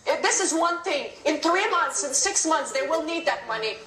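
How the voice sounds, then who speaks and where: Brief: tearful, impassioned woman guest on broadcast TV; high voice, roomy sound. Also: lively intonation, a bit bright. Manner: impassioned, pleading, rapid bursts. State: crying. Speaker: guest on a TV interview. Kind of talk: emotional live TV interview.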